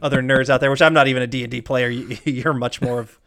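A man co-hosting a podcast, recapping a film in casual chat, animated, with frequent laughs and rambling asides. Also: medium pitch, fast talker. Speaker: podcast co-host.

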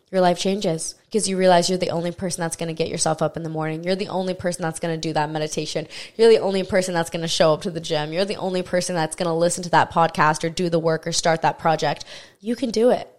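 A young adult woman speaks on her solo self-help podcast. Her voice sits a little low, and her delivery is earnest and motivational, hammering points home through repetition. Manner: earnest, emphatic, motivational, repeats phrases for impact. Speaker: podcast host.

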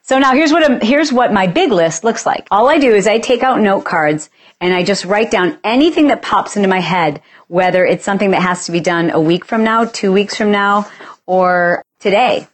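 Chatty animated woman podcast host. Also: mid-range voice, moderate pace. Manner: chatty, animated, acts out dialogue with playful exaggeration. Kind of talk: casual solo talk.

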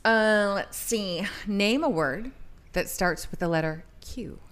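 A woman hosts a relaxed podcast segment, reading rapid questions with a playful, teasing lilt. Her voice sits at an ordinary middle pitch. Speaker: co-host asking quiz questions. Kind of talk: casual podcast chat.

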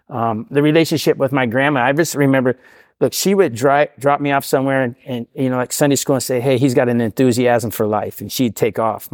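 A middle-aged man tells a long, meandering story at a brisk, quick clip. He keeps tagging questions onto his sentences in a self-deprecating, chatty way. The sound is dry and close, with no room around it. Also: mid-range voice, dry recording. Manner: rambling, self-deprecating, repeats "right?". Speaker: podcast guest sharing recovery story. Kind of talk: casual storytelling. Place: podcast studio.

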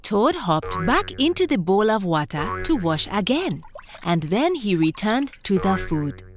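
Woman storyteller for kids; expressive, unhurried, faint music bed. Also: mid-range voice. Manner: gentle, expressive, addresses young listeners. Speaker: storyteller for children. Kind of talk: children's story narration.

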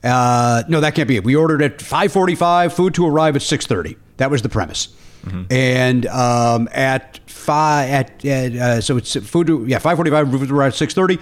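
A man's voice: medium pitch, moderate pace. A man hosting a podcast, chatting casually and telling a story with plenty of swearing and acted-out back-and-forth. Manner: animated, swears casually, acts out quoted dialogue. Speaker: podcast host.

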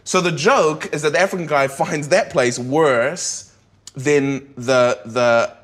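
A comedian talking candidly in an interview, thinking aloud with frequent restarts and tag questions. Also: male voice, on the high side, takes it slowly. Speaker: comedian guest.

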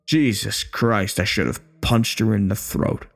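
A man's voice: on the low side, a little slow, vocal fry, faint music behind. A man playing a bitter, crude older war veteran in a horror story, speaking in a coarse, taunting way.

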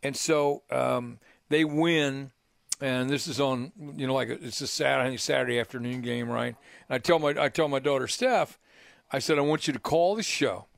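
An older male sports radio host with a gravelly, mid-pitched voice. He talks in loose, rambling stories, restarting phrases and tossing in "right?" as he goes. The sound is close and dry, recorded at a studio microphone. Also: fairly even intonation, normal speed, dry recording. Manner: rambling anecdotes with many restarts and "right?" tags. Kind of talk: casual radio storytelling.

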